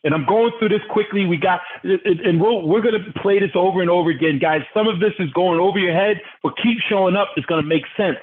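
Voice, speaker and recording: A man's voice: high voice, fast, few pauses. Fired-up man on a tinny phone line. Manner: fired-up, preachy, asks the audience questions. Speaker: business trainer. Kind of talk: motivational training call.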